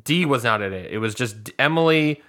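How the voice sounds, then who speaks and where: A man's voice: medium pitch, expressive, brisk, fairly bright tone. A man co-hosting a podcast, chatting casually and animatedly as he recaps episodes and acts out what people said. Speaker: podcast co-host.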